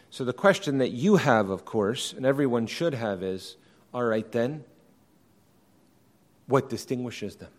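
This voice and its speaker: A man preaching an evening sermon, explaining doctrine in a measured, emphatic way and often rephrasing his points. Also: medium pitch, darkish tone.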